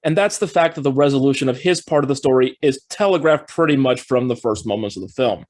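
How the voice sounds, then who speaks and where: A man hosting his own film review channel, talking in an upbeat, steady and explanatory way as he reads through a scripted review. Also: mid-range voice, quick pace.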